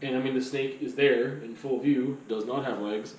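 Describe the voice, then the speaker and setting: Man, vlogger, rambling casual talk, mid-pitched voice, echoey room, off-mic. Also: fairly even intonation, moderate pace, darkish tone, recorded from a distance, slight background noise. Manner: rambling, filler-heavy, loose and conversational.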